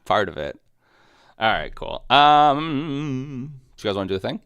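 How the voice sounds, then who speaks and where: A man's voice: mid-range voice, sing-song, unhurried, fairly bright tone, clean tone, dry recording, muffled recording. A man co-hosting a podcast in casual chat, rambling with restarts and laughing often. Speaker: podcast co-host. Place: podcast studio.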